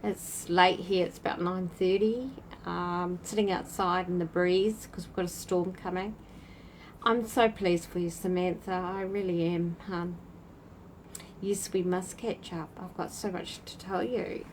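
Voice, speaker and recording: A woman's voice: fairly low pitch, steady tone, unhurried, a little hiss or hum, low-quality recording. A woman hosting a casual livestream, chatting to viewers by name while sitting outside at night. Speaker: spiritual channel host. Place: outdoors at night in a breeze.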